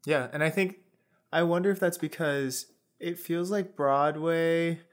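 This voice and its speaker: A man's voice: on the high side, a little slow. A man co-hosting a theatre podcast, talking in a friendly, conversational way. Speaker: podcast co-host. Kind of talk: casual chat.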